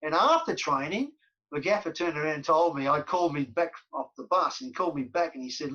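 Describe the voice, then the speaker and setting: Middle-aged aussie bloke rambling through stories, punchy bright voice, lots of you know's. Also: male voice, on the high side, animated, a little fast. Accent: Australian. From Australia. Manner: anecdotal, repeats words, frequent fillers. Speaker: former footballer guest. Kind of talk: podcast interview storytelling. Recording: dull lo-fi audio.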